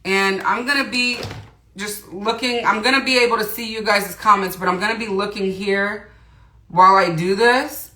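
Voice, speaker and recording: A woman's voice: medium pitch, steady tone, normal speed, sharp tone. A woman hosting a casual makeup tutorial livestream, chatting with viewers, greeting them by name and reading their comments aloud. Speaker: beauty livestream host. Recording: roomy echo.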